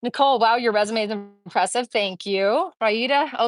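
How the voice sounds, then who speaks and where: Breathless mid-age woman walking and streaming off her phone, highish voice, chatty and upbeat, close dry sound. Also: moderate pace, no echo, poor audio. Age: middle-aged. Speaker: vlogger streaming live. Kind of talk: casual walking livestream chat. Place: outdoors on a town street. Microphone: phone held while walking.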